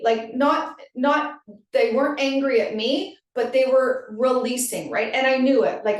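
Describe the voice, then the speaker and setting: A woman yoga teacher hosting a podcast, talking casually and often checking in with "right?". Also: fairly high pitch. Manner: conversational, frequent "right?" and "like". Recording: very echoey room, distant from mic.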